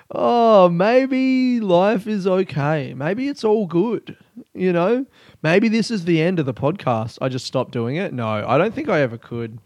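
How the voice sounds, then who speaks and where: A man's voice: mid-range voice, darkish tone, no echo, studio quality. A young man, a comedian rambling through a casual solo podcast, swearing and ranting in mock anger. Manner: rambling, sweary, mock-angry with bursts of laughter.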